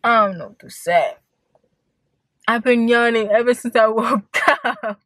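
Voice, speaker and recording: This young woman vlogs from her parked car outdoors on a hot day, chatting casually. Her voice is a little high, a little slow and a bit bright, with no room sound. She's tired and yawning, laughs often, and fills her talk with lots of fillers.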